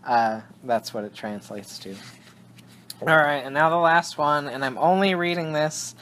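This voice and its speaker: A young man co-hosts a casual podcast chat, rambling, cutting himself off mid-sentence and laughing often. His voice is fairly high and a bit bright, his pace unhurried, with slight background noise.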